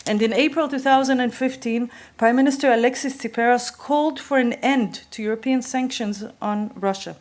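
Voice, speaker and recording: A woman giving a prepared talk at a conference, measured and reading from notes with occasional fillers. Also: fairly high pitch, a little mellow. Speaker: conference speaker. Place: conference hall.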